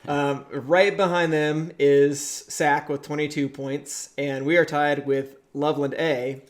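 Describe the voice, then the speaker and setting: A man co-hosting a podcast from a rental house, calmly running through tournament standings with dry jokes. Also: a little high. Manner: measured, analytical, with dry jokes. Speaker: podcast co-host. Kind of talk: casual tournament recap chat. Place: shared rental house, indoors.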